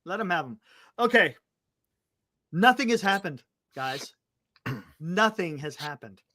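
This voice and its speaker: A man co-hosting a sports talk show in casual chat. His pitch leaps around as he gets animated, and his voice has a bright, forward edge. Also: slow, no room sound, studio quality. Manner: animated, exclamatory, calming others down.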